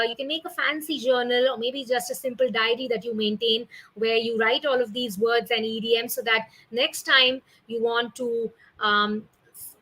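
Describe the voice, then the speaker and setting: A woman's voice: a little high, pushed and bright, rough recording. A young woman, teaching an online class in a chatty way, often ending with "isn't it?" and "right?". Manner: chatty, with tag questions and fillers.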